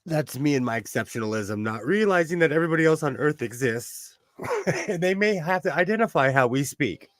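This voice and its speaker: Laughing, joking man with a higher voice. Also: lively intonation, brisk, fairly bright tone, no echo. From Southern California. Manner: jokey, laughs often, trails off and restarts. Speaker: livestream co-host. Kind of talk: casual chat.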